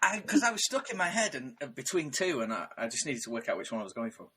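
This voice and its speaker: A man's voice: mid-range voice, very animated, fast talker, sharp tone, slight background noise. A Northern Irish man co-hosting a casual chat, with a hearty, laughing manner. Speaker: podcast co-host.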